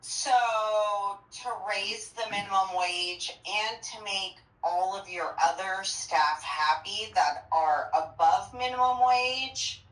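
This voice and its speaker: Restaurant owner woman, slow and earnest, lots of likes, echoey. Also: medium pitch, a bit bright. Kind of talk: casual chat. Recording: echoey room.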